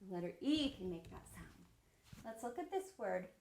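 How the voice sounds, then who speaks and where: A middle-aged woman teacher leading a reading lesson for young children in a slow, sing-song, encouraging way. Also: mid-range voice, big pitch swings, a little mellow, reverberant. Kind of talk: early-grade reading lesson.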